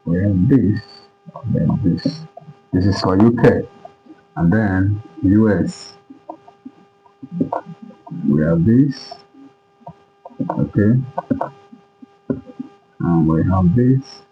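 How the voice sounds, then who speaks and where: A man's voice: low-pitched, extremely slow, long pauses, lo-fi sound, a little hiss or hum. A man teaching English pronunciation at a board, speaking with a Nigerian English accent and repeatedly asking whether his students understand. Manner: repetitive, keeps checking understanding. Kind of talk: classroom lesson at a board.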